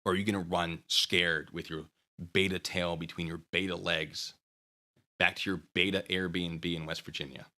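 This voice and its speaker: A man's voice: deep voice, little pitch movement, normal speed, pushed and bright. A man hosting his own channel, ranting to the camera and goading a rival in a taunting, sarcastic way. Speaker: channel host.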